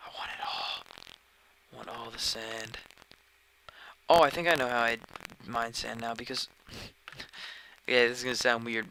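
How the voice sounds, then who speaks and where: A man's voice: mid-range voice, creaky, sharp tone, a little hiss or hum, poor audio. A man live-streaming a game, chatting casually and rambling, often sidetracked mid-sentence, recorded at home on a dedicated microphone. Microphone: dedicated desk microphone.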